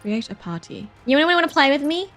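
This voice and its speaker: A woman streaming a game live, swearing in exasperation and quick to laugh. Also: high voice, big pitch swings, a bit bright, faint music behind.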